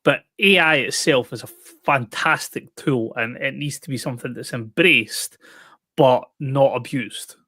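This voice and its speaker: A man's voice: mid-range voice, measured pace, bright, forceful tone, no echo. A man co-hosting a gaming podcast, presenting stories in an upbeat, jokey chat. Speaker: podcast co-host. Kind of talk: casual chat.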